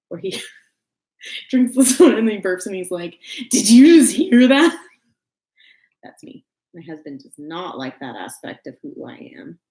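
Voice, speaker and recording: A woman's voice: on the low side, darkish tone. A young woman with a Texan accent chatting on a crafting livestream at home, rambling and giggling with many fillers. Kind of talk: casual livestream chat. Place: room at home. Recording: roomy home echo.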